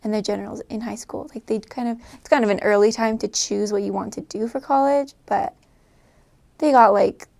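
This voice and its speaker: Young woman chatting, slight vocal fry. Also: medium pitch, fairly even intonation, moderate pace. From United States. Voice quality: filler-heavy, laughing often, trailing off softly. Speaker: vlogger. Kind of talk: casual chat.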